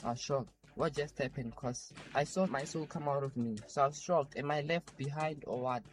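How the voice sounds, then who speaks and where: A man's voice: medium pitch, moderate pace. A man giving an emphatic personal testimony about a vision. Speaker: testimony giver. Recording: music bed behind the voice.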